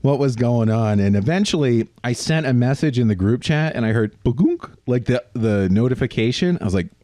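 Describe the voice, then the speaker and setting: A man co-hosting a casual podcast, telling profane stories with quick voiced impressions. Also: medium pitch, animated, warm tone, dry recording, studio quality. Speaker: podcast co-host. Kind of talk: casual chat.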